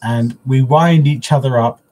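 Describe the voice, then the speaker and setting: A man with a mid-range, darkish voice talks unhurriedly while hosting a casual craft livestream from his living room at home. He chats with viewers in an openly emotional, soppy way.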